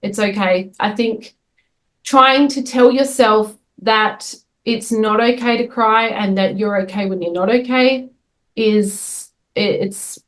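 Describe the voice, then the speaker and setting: A woman's voice: a little high, fairly even intonation, slow pace, rough recording. Candid woman on a call. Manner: candid, open, laughs easily. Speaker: interview guest, healer. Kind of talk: casual video-call chat.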